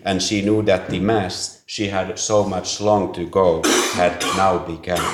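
A man with a very deep voice reads a story aloud in a slow, measured way. His delivery is earnest, with a few small slips along the way. The sound is roomy and echoing. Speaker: narrator. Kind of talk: audiobook reading. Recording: roomy echo.

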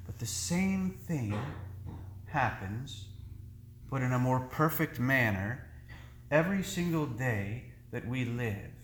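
A priest delivering a sermon in a church, with slow, earnest, deliberately paced preaching. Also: male voice, medium pitch, lively intonation, a bit bright. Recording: echoey church room.

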